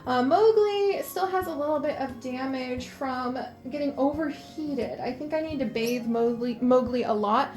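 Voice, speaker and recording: A woman's voice: sits high, normal speed, few pauses, darkish tone. A woman vlogging in a casual, chatty and enthusiastic way, with lots of "like" fillers. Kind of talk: casual chat.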